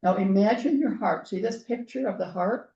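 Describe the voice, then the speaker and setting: Hoarse-edged woman speaker in an echoey room. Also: mid-range voice, moderate pace, mellow. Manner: earnest, frequent throat clearing. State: losing her voice. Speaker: guest speaker. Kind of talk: personal storytelling talk. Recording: roomy, distant, dull lo-fi sound.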